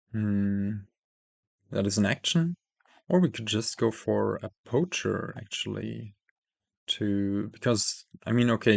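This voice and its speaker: With vocal fry in his lowish voice, a man narrates his own card game, full of fillers and self-corrections as he thinks aloud. He's losing his voice. There's no room sound in the recording.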